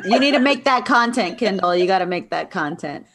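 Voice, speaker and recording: A woman's voice: medium pitch, lively intonation, a little fast, fairly bright tone. A woman co-hosting a casual podcast, dropping dry, teasing asides and lecturing in her segment. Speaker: podcast co-host. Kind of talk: casual sports podcast chat.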